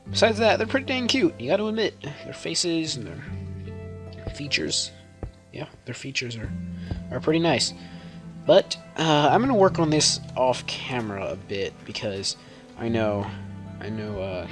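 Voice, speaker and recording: A young man giving rambling, chatty gameplay commentary and often correcting himself. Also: medium pitch. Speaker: gameplay video creator.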